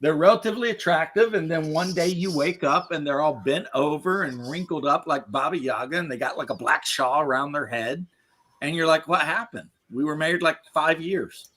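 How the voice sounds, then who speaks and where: A podcast host with a slightly high, brisk, somewhat bright voice chats casually, laughing often and telling jokes in a rambling way.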